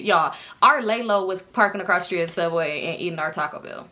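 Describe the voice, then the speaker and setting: A woman's voice: medium pitch, brisk, few pauses, pushed and bright. A woman telling a story to her viewers in a casual, slangy and profane way, talking straight to them. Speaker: storytime vlogger.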